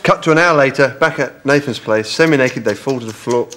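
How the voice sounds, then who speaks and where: A man playing an earnest writer who reads his screenplay aloud in a steady voice. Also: medium pitch, fairly quick, a little hiss or hum, close to an everyday voice. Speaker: sketch actor.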